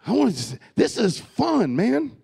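A man preaching a sermon to his congregation, swinging from loud urging to soft, hushed storytelling. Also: extremely high pitch, wildly swooping pitch, unhurried, vocal fry, slightly rough, no room sound. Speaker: pastor. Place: church hall with a congregation.

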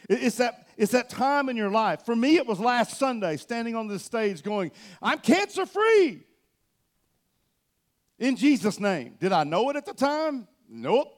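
Give me a pastor with a high voice preaching a lively sermon on a church stage. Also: male voice, moderate pace, hardly any pauses. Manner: animated storytelling, swinging between loud and soft.

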